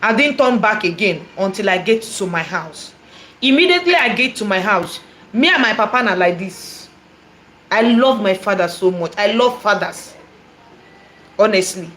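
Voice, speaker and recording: A woman with a Nigerian accent, a prophetess telling a personal testimony in an animated, repetitive way, dropping in Igbo phrases. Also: mid-range voice, moderate pace, slight background noise. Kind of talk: testimony storytelling.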